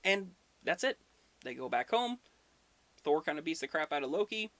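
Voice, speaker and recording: Chatty irreverent man, slightly high voice. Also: very animated, moderate pace, pushed and bright, no echo. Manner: irreverent, chatty, profane asides. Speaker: history video host. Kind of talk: casual retelling of myths.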